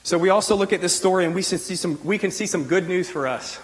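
Preaching in a casual, conversational way, a male pastor keeps saying "like" and starting sentences over. He speaks fast in a high voice, and the recording is rough.

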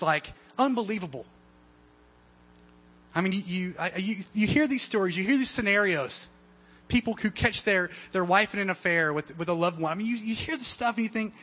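A man's voice: sits high, a bit bright, slightly rough. A man preaching a sermon in a casual, conversational way, full of fillers and acted-out voices from the story. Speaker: pastor.

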